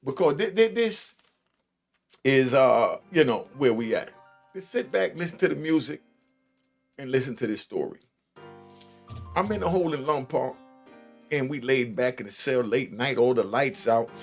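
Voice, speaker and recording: A man's voice: medium pitch, animated, moderate pace, gravelly, long pauses, faint music behind. Older man telling a streetwise story. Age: 60s. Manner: streetwise slang, rambling with restarts and asides. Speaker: host. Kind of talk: casual storytelling commentary.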